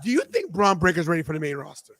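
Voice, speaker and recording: A young man with a notably high, bright voice hosts a casual live watch-along, bursting into excited reactions between bits of chatter. His voice sounds dry and close, with almost no room sound. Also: very fast, no room sound. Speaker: podcast host.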